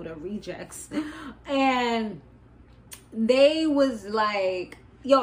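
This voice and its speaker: Young woman podcast host, casual reality TV recap, high-ish voice, chatty and excitable with slang. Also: slight background noise, poor audio. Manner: animated, slangy, laughs often, rambling side notes.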